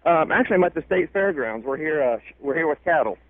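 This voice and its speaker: A man calls in to a radio show and explains things in a halting way, restarting his sentences. His voice is slightly high. It comes through a tinny, phone-like line. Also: lively intonation, no room sound. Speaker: caller. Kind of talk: call-in radio chat. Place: state fairgrounds.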